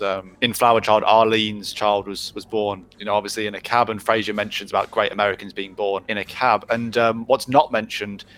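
A man's voice: on the low side, a bit bright. A man from England co-hosting a casual podcast, reading out listener messages in an easygoing way. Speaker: podcast co-host.

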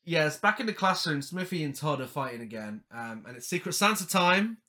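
A co-host who chats loosely about a film, giggles a lot and swears without care. The voice leaps up and down in pitch all the time. Its tone is bright and sharp. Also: animated, a little fast. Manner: giggly, sweary, frequent laughter. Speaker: podcast co-host. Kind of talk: casual chat reviewing a film.

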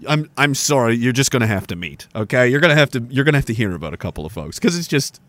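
A Canadian man hosts a livestream from an indoor room beside a woodpile, delivering casual, sarcastic rants full of swearing and punctuated by laughter. His voice sits in the mid range, a little bright, swinging widely in pitch at a slightly fast clip.

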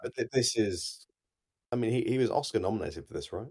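A man's voice: fairly low pitch, animated, brisk, darkish tone, breathy edge. A man co-hosting a podcast, chatting eagerly about films, often repeating words and talking over others. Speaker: podcast co-host. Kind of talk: casual film chat.

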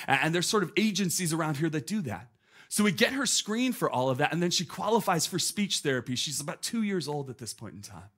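A man in his thirties preaching a sermon, telling a story with animated, emphatic delivery and repeated phrases. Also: a little high. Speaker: pastor.

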